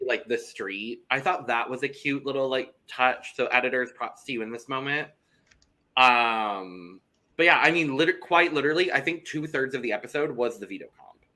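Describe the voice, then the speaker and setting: A man's voice: mid-range voice, normal speed, bright, forceful tone. A young man co-hosting a podcast in casual chat, talking loosely, with some swearing and repeated words. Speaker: podcast co-host.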